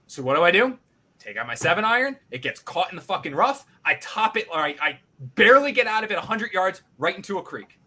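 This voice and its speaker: A male podcast host telling a casual, animated story, swearing freely and acting out his own reactions. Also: high-pitched, quick pace.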